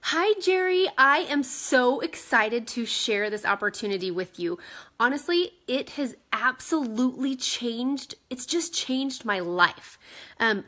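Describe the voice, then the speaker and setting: A woman imitating an overeager saleswoman in a sing-song, artificially bright voice. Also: fairly high pitch.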